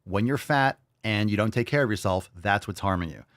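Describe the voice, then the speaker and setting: A man's voice: lowish voice, fairly quick, fairly bright tone, dry recording, studio quality. A man hosting a podcast, reacting to clips with crude, combative, profanity-laced rants. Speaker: podcast host.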